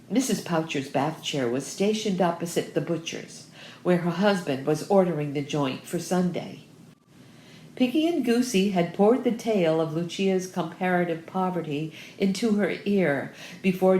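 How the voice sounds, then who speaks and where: A woman narrating an audiobook, reading in a lively, expressive way. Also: fairly low pitch, normal speed, a little hiss or hum. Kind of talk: scripted narration. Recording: roomy echo.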